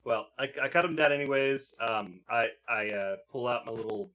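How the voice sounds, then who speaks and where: A man's voice: mid-range voice, normal speed, bright, forceful tone. A man playing a tabletop role-playing game, describing his character's actions hesitantly with many restarts. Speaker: player.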